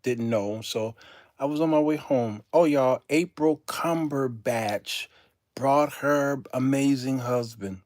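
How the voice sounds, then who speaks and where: A man's voice: mid-range voice, no room sound, clean studio sound. A man hosting a casual live stream, telling stories to viewers with frequent laughter. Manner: animated storytelling, laughing often, addressing viewers as y'all. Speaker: host.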